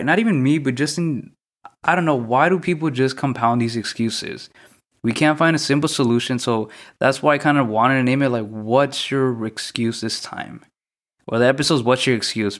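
A young man hosting a solo podcast, talking through his thoughts in a mostly monotone, reflective way, often repeating questions. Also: medium pitch. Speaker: podcast host.

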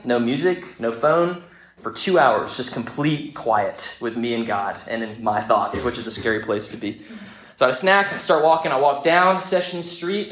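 Conversational young male pastor, echoey hall. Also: mid-range voice. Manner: storytelling, animated and conversational. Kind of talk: sermon. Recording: echoey church room.

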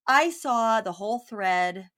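Brief: higher-voiced woman podcaster, dry wit, casual recap. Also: expressive, takes it slowly, fairly bright tone. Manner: wry, acts out quotes with lifted pitch. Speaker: podcast co-host.

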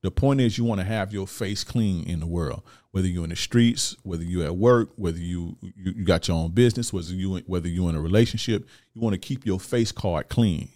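A man's voice: deep voice, a little fast, few pauses, darkish tone, dry recording, studio quality. A man, hosting a show and ranting bluntly in profane street slang. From Florida, USA. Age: 30s. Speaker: host giving life advice to men. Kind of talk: casual ranting monologue.

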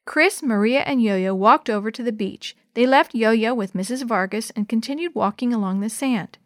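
Lady reading a kids' chapter book, higher voice, dry close sound. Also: moderate pace, few pauses, dry recording. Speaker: children's storyteller. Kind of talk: storybook reading aloud.

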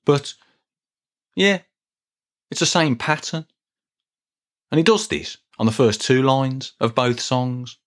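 A man's voice: mid-range voice, expressive, slow, long pauses. A middle-aged man hosting a solo podcast, talking in a chatty, rambling, self-deprecating way with small restarts. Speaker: podcast host. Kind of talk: casual solo podcast talk.

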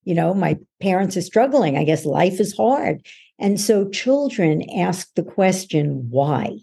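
A woman's voice: on the low side, lively intonation, measured pace, creaky, warm tone, breathy edge. A woman guest on a podcast, a coach who explains how beliefs form in a patient, instructive way and acts out everyday voices to make her points. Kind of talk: explanatory interview answer.

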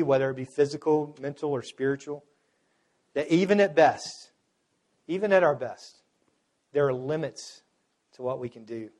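Earnest preaching man, fairly high voice. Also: a little mellow. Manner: earnest preaching with emphatic repetition. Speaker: pastor. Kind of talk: sermon.

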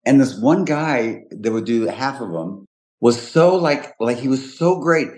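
A man's voice: mid-range voice, lively intonation, a little slow, darkish tone. An older man hosting a podcast, telling stories in a chatty way and laughing often. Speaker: podcast host. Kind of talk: casual chat.

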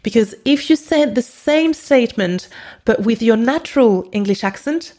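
A woman with a French accent, a native French speaker, hosting a podcast and teaching with clear, deliberate delivery. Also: on the high side, lively intonation, a little mellow. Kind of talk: podcast language lesson.

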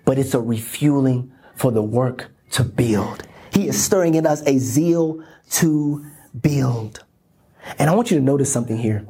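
A man's voice: medium pitch, mellow, husky. A man pastor preaching a sermon in a church, acting out inner dialogue with sudden whispers and laughs. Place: church sanctuary.

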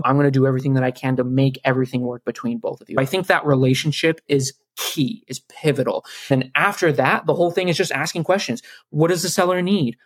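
A man's voice: medium pitch, no echo. A man from South Carolina, a guest on a podcast, earnestly giving step-by-step advice. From South Carolina, USA. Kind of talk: casual podcast interview.

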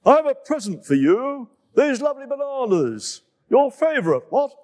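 A man's voice: very high voice, sing-song, normal speed, darkish tone, pitched above the performer's own voice. A man voicing a kindly, grand old male elephant with a hearty, old-fashioned way of talking. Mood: warm, hearty. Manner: hearty, old-fashioned, ends remarks with "what?".

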